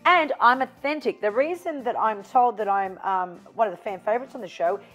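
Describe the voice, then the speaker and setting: A woman's voice: fairly high pitch, fairly quick, soft background music. A middle-aged Australian woman from Newcastle, a psychic guest telling stories in an interview and acting out the dialogue. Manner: animated storyteller, acts out quoted dialogue. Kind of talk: storytelling interview chat.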